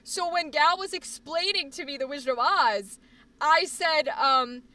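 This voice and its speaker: A young woman streamer chatting casually on a live stream, rambling, swearing often and breaking into sudden loud outbursts. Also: high-pitched, measured pace, recorded from a distance.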